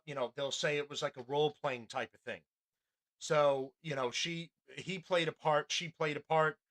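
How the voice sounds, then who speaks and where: A man's voice: a little high, pushed and bright. A man hosting a podcast, commenting casually and bluntly on a news clip, with frequent restarts and swearing. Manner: rambling, blunt, profane, many restarts. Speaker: podcast host.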